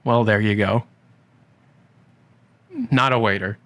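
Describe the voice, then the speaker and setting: A man's voice: on the low side, steady tone, slow pace, fairly bright tone. A male interviewer asking dry follow-up questions and reading prepared bio lines. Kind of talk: casual interview.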